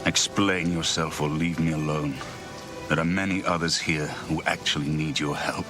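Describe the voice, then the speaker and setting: An actor playing a weary, doubting young priest in a video game, speaking with a quiet, gritty, trembling voice. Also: male voice, a bass voice, steady tone, moderate pace, music in the background. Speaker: game character.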